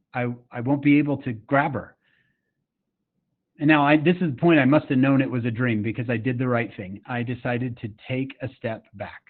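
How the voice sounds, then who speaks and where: A middle-aged man from Utah tells a personal story to a summit audience, earnest and chatty, often stopping to ask the listeners a question. His voice sits at an ordinary pitch. The sound comes through thin and tinny, like a phone line. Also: slightly rough. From Utah, USA. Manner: earnest, conversational, with frequent fillers and asides to the audience. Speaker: summit speaker.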